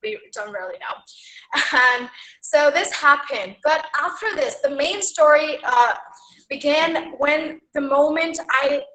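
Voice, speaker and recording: Bright-voiced young woman with Indian English. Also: high voice, takes it slowly, reverberant, poor audio. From Haryana, India. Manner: chatty, with many "like" and "you know". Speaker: guest speaker at a school. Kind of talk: motivational talk to students.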